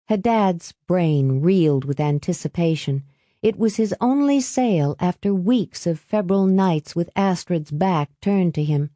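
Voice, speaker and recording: A woman reading an audiobook in a steady, even scripted narration, close to the mic. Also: lowish voice, unhurried, no room sound.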